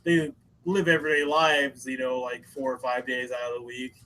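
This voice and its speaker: A man's voice: mid-range voice, little pitch movement, moderate pace, sharp tone, rough recording. A man co-hosting a podcast, talking loosely with lots of fillers and swearing. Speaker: podcast co-host. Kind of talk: casual chat.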